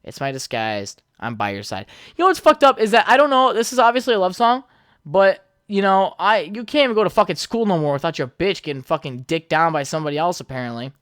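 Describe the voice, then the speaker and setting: A man's voice: high-pitched, fast, a bit bright, smooth, no room sound, clean studio sound. A young man hosting his own podcast alone, rambling casually, swearing a lot and laughing at his own jokes. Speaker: podcast host. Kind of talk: casual solo podcast chat.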